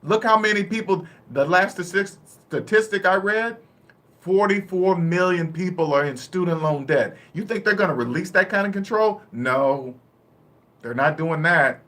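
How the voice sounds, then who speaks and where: A man talking bluntly and casually about money and debt, laughing often and acting out quick little dialogues. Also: high voice, sharp tone. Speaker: personal finance vlogger. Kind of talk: casual live-stream talk.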